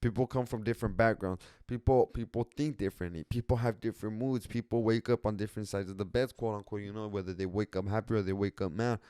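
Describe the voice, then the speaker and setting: A man's voice: fairly low pitch, steady tone, fast talker, few pauses, dark tone, clear, resonant tone, no room sound, studio quality. A young man hosting a podcast, talking casually in a rambling way with lots of slang, swearing and restarts. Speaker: podcast host.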